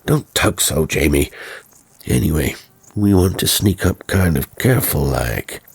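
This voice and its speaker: Man playing a firm fatherly doctor, deep, husky, scolding, dry. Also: lively intonation, measured pace, no echo, exaggerated voice. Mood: stern. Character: stern but fond country doctor father.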